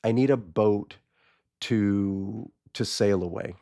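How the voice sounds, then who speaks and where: A man voicing a weary, frail old man who is toothless and tired, speaking low and quietly in a grumbling paraphrase. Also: takes it slowly, vocal fry.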